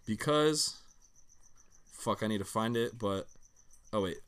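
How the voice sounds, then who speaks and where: A man's voice: lowish voice, slow pace, crowd noise. A man co-hosting a podcast, bantering casually with wisecracks and swearing. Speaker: podcast co-host. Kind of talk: casual chat.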